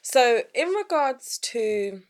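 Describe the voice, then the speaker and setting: A woman hosting a podcast interview, asking follow-up questions and often murmuring soft agreement. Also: a little high, big pitch swings, slow pace. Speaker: podcast host.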